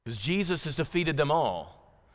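An American man preaching a sermon as pastor, swinging from loud, rising passion to low, intimate appeals. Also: big pitch swings, unhurried. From United States. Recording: hall reverb.

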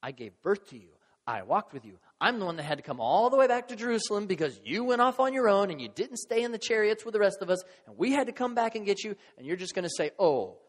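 A man's voice: high-pitched, sing-song, fast talker, in a large hall, voice pushed up. A man voicing an indignant, hurt mother who pleads and protests in exasperation, within a sermon.

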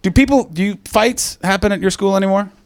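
Brash, profane comedian. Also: male voice, high voice, fairly quick, vocal fry. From Canada. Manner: brash, profane, teasing the audience. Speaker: stand-up comedian. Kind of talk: live stand-up with crowd work.

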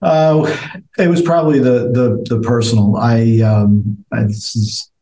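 A man's voice: medium pitch, steady tone, unhurried, mellow. An older man, co-hosting a coaching chat, reflective and restarting his sentences. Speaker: co-host. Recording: echoey room.

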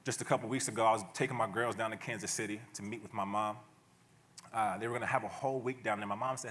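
A man preaching a sermon to his church in a relaxed, conversational way, often chuckling and slipping into playful asides. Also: lowish voice, fast talker. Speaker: pastor. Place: church sanctuary.

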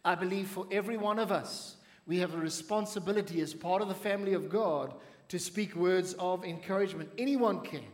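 A man preaching a sermon to a congregation, speaking in measured phrases and asking the audience to respond. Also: high voice, echoey room, in a large hall. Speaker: pastor.

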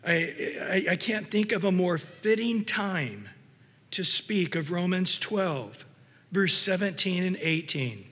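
Male pastor, high-pitched, husky, preaching in a reverberant hall. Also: slow. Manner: animated preaching, acts out voices, many restarts. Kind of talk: sermon.

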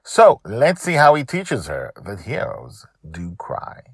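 A man who hosts a story podcast, narrating a serialized tale in an animated, expressive way and then talking casually. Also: mid-range voice, slow, breathy edge, no echo, studio quality.

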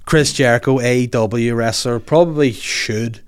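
A man's voice: mid-range voice, normal speed, smooth. A young man hosting a podcast, rambling in a joking, casual chat with lots of restarts and asides. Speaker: podcast host.

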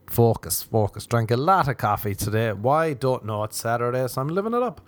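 An Irish man giving a crude, rambling comedic monologue with animated asides. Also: mid-range voice, a little fast, no echo. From Ireland.

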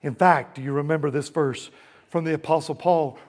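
A man preaching a sermon, with dramatic swings between loud, booming passages and hushed ones, calling out to the congregation for responses. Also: fairly even intonation, moderate pace. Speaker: pastor.

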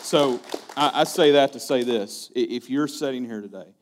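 A man's voice: mid-range voice, normal speed, a little hiss or hum. A male pastor preaching a sermon, telling a story earnestly and often repeating his words.

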